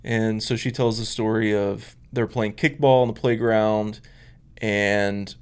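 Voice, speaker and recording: A minister co-hosting a podcast speaks in a low-ish, steady, clear and resonant voice at a slow pace. In casual chat, he tells stories emphatically and acts out the voices he quotes.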